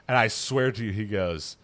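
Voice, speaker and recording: A man's voice: on the low side, fairly bright tone. A man in his thirties hosting a casual chat, rambling and self-mocking as he tells stories. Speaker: channel host.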